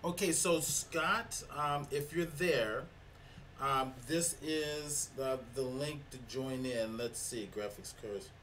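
A man's voice: medium pitch, slow pace, fairly bright tone. A man hosting an online meetup on a video call, easygoing and talking through what he does on screen. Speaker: meeting host. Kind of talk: casual online meetup chat. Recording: distant mic with faint noise.

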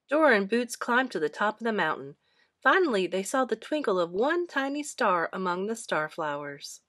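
A woman reads a children's picture book aloud in a storybook style. Her pitch rises and falls a lot as she shifts into the characters' voices. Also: normal speed. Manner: lively, expressive character voices.

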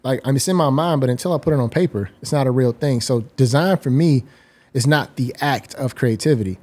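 Guest, man, 40s, articulate and reflective, mid-pitched voice. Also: brisk, darkish tone. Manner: articulate, explains ideas at length. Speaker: guest designer. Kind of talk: reflective interview talk.

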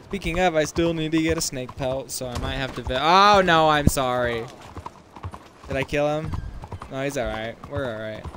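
Against a noisy background, a young man of medium pitch and normal speed streams a video game. He rambles casually, talking to himself as he plays in let's-play style.

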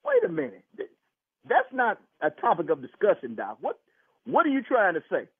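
A man's voice: high-pitched, wildly swooping pitch, normal speed, husky, no echo. A man taking a phone call, confrontational and indignant, repeating himself. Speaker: prank call target. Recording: tinny phone line, dry.

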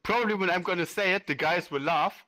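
A man's voice: high voice, fast, sharp tone. A man from Germany in casual chat, patiently coaching how to say words.

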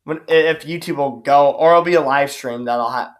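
A man's voice: on the high side, a little fast. A man, a YouTuber, ranting in a vlog, cursing and sarcastic, rambling with restarts. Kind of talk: profane angry rant vlog.

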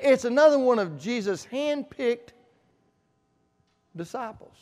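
A male pastor preaching a sermon in a church sanctuary, emphatic and repetitive, dropping to quiet asides. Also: high voice. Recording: long church reverb.

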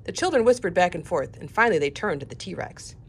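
Animated woman reading a picture book. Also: on the low side, brisk, slightly rough. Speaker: storyteller. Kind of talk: children's picture book read-aloud.

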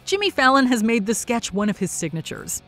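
A woman's voice: a little high, very animated, fairly quick, fairly bright tone, faint music behind. A woman hosting a countdown in upbeat, playful scripted narration. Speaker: countdown host.

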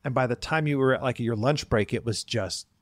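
A man's voice: medium pitch, fairly quick, dry recording, studio quality. A man co-hosting a podcast, telling stories in a casual chat and acting out the people he quotes. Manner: storytelling, acts out quoted people in lively voices. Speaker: podcast co-host.

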